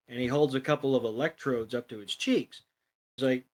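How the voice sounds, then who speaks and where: A man's voice: medium pitch, fairly even intonation, measured pace, long pauses. A man co-hosting a podcast, retelling a cartoon episode in a casual, rambling way with many ums and uhs. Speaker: podcast co-host. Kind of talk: casual plot recap.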